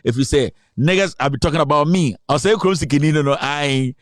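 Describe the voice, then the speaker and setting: A man's voice: on the high side, fairly quick, dry recording, clean studio sound. A Ghanaian man hosting a live political talk stream, boastful and rambling, switching between Twi and English. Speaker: online show host.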